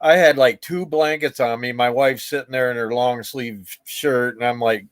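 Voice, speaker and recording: A man's voice: mid-range voice, steady tone, normal speed, smooth. A man with a mid-range voice chats casually as host of an online meeting, telling stories that poke fun at himself. The sound is close and dry, with no room echo. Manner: chatty, self-deprecating anecdotes. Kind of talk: casual chat.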